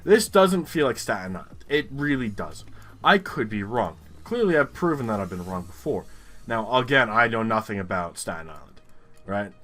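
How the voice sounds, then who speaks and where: A man's voice: lowish voice, sing-song, moderate pace, fairly bright tone. A young man from New York commentating his own gameplay, exasperated and ranting with lots of swearing. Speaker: gaming YouTuber.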